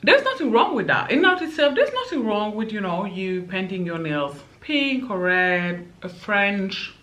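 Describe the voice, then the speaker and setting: A woman's voice: medium pitch, big pitch swings, moderate pace, sharp tone. A woman vlogger ranting in a sassy, emphatic way, peppering her talk with "okay" and "like". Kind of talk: casual opinion rant.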